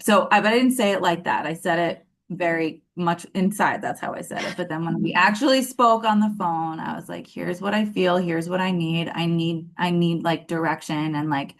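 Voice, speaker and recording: A woman in her thirties telling her love story in a casual interview, animated and acting out what people said, with lots of fillers. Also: fairly low pitch, normal speed, hardly any pauses. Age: 30s. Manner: animated, acts out quoted dialogue, many fillers.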